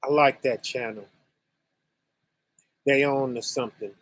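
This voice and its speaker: A man hosting a religious online conference, teaching scripture casually and speaking slowly and deliberately to his chat viewers, often asking "right?". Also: mid-range voice, fairly even intonation, no echo. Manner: slow and deliberate, addressing chat viewers directly; conversational, with frequent "right?" and "you know".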